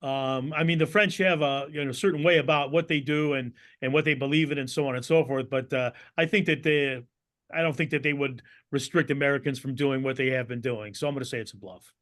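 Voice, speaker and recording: A man's voice: medium pitch, steady tone, fairly quick, a bit bright. A man co-hosting a casual podcast, talking hesitantly with many fillers. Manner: hesitant, many ums and you-knows. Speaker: podcast co-host.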